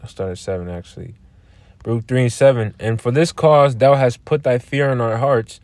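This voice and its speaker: A man teaching scripture in a loose, street-level way. He stumbles over words, doubles them back, and tags his points with "all right?" His voice sits at a middle pitch and sounds dry and close, with no room around it. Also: a little mellow, no echo. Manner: halting, repeats words, ends phrases with "all right?"; blunt, profane. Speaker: religious teacher.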